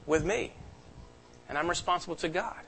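A man's voice: a little high, gravelly, a bit bright, rough recording. A pastor giving an earnest, emphatic sermon to his congregation in a church. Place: church sanctuary.

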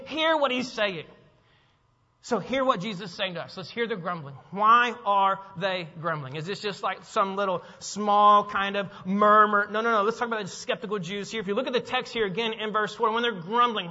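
Man, pastor, sermon, bright forceful tone, emphatic, long hall reverb. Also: high voice, highs cut off. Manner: emphatic, repeats key phrases, asks the congregation questions.

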